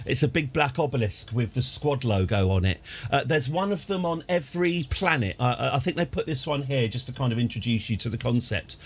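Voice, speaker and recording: A man's voice: medium pitch, expressive, brisk, few pauses, husky. A man streaming a space game, chatting and ranting in a self-deprecating way. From United Kingdom. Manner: chatty, self-deprecating, prone to rants and restarts. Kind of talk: rambling live game commentary.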